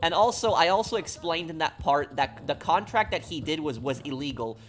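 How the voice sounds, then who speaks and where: A man's voice: fairly high pitch, animated, moderate pace, fairly bright tone, a little hiss or hum. A man from New York chatting casually on a live stream, answering viewer questions while he plays, rambling and a bit apologetic. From New York, USA. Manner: rambling, apologetic, talks over gameplay.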